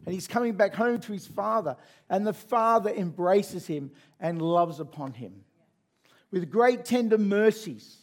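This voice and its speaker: A man's voice: high-pitched, normal speed. Man preaching as a storyteller. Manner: conversational, animated, with asides to listeners. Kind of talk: sermon storytelling.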